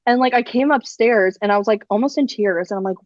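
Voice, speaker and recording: A young woman guest on a pop culture podcast, rambling and animated in casual chat and swearing freely. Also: fairly high pitch, a little fast, few pauses, dry recording, lo-fi sound.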